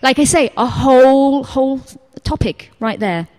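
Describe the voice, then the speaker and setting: This English teacher speaks in a high-pitched, unhurried voice as she gives an informal church talk. Her sermon is animated storytelling drawn from her own life, with quotes acted out and occasional whispers.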